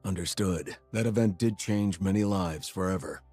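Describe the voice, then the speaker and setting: A stern, formal commander of hunters with a lowish voice. He speaks in a measured, official manner. Faint game music plays behind him. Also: mellow.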